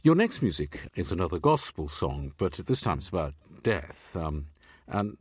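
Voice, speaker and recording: A man hosts a radio interview in a very deep, husky voice. His pitch moves in lively swings as he frames his questions. The sound is dry and close-miked. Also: normal speed, no room sound. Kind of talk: radio interview introducing music.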